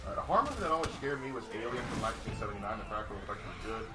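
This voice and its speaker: A man's voice: fairly low pitch, lively intonation, racing, distant mic, very noisy. A young man on a casual gaming stream who reads out chat questions and answers them in a joking, trivia-minded way.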